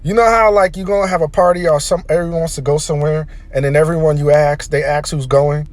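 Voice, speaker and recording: A man's voice: on the high side, steady tone, quick pace. A man delivering a heated, profanity-laden opinion rant as a vlogger. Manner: heated, profane, emphatic ranting.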